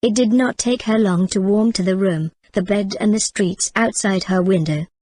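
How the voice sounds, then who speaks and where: A woman reading a novel aloud as audiobook narrator, in a steady, clear reading manner. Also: medium pitch, normal speed, no room sound. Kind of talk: scripted storybook narration.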